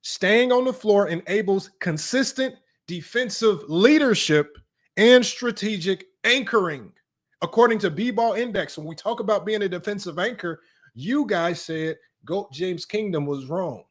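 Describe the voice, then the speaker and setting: High-voiced blunt sports stream host. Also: male voice, expressive, unhurried. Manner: blunt, sarcastic, addresses viewers directly as y'all. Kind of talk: live-streamed sports analysis, reading stats aloud.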